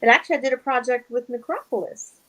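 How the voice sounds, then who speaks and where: Talking fast in a slightly high voice, a young actress guesting on a casual interview shares lively stories, acting out quoted dialogue and laughing frequently. The recording is rough.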